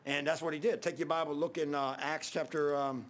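A man's voice: on the high side, flat delivery, brisk, slight background noise. A man preaching a sermon, telling a story in a casual, conversational way with many restarts.

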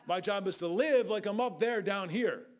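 An older man preaching a fiery Bible sermon as a guest preacher, scolding loudly and then dropping to low asides. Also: normal speed. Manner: loud, scolding, shifts between shouting and low asides.

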